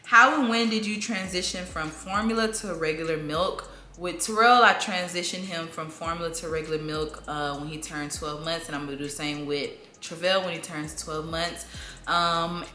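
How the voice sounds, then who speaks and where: A young woman chats through a casual parenting Q&A, laughing easily and jumping into playful high voices when she shows how she talks to her toddler. Her tone is bright and a little low-pitched, and the sound carries the echo of a bare room at home with a faint hum behind her. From southern United States. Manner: chatty, laughs often, lively acted-out baby-talk bursts. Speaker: mom vlogger answering viewer questions. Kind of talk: casual sit-down Q&A. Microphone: camera mic. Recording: echoey room, faint room noise.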